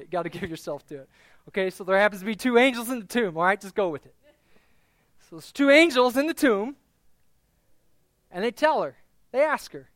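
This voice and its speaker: A male pastor with a high-sitting voice delivers an Easter sermon in a loose, conversational style, cracking jokes and calling out congregants by name. The recording has no room sound.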